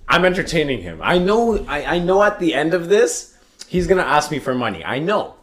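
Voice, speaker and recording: A man's voice: a little high, fairly quick. A young man from Toronto, swearing freely and laughing often as he tells a story in casual chat. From Toronto, Canada. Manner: profane, animated storyteller who laughs often.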